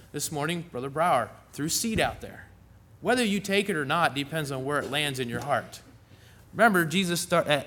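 A man's voice: fairly high pitch, a bit bright. A middle-aged man preaching a sermon in a church in a folksy, conversational way, with asides to the congregation.

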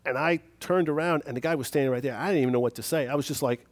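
A man's voice: mid-range voice, racing. A man preaching a sermon on forgiveness in a conversational, self-deprecating way, telling a story on himself.

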